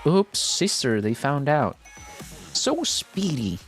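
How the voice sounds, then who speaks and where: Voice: medium pitch, a little slow, faint music behind. A streamer reading game dialogue aloud and reacting with big laughs. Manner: animated, reads lines and reacts with loud laughs.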